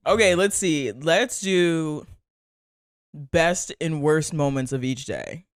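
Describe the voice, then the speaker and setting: A young man co-hosting a casual podcast, firing off quick, playful, teasing remarks. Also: a little high, expressive, no room sound, clean studio sound. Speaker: podcast co-host. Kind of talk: casual chat.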